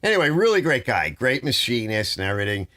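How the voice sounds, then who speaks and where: Middle-aged male stream host, rambling rant-style chat, lively pitch, dry close sound. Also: quick pace, no room sound. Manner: rambling, ranting, reading out chat. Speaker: host of a live garage stream. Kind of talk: casual live-stream chat with viewers. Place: home garage.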